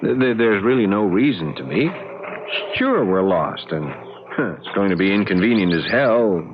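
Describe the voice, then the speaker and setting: A young husband lost in the woods in a radio horror play, stammering as he tries to reassure his wife, his voice swinging widely in pitch. The sound is dull, with light hiss behind. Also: very animated, normal speed. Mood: flustered. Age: young adult. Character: young husband, cocky then flustered. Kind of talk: radio drama acting. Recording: dull lo-fi radio recording with some noise.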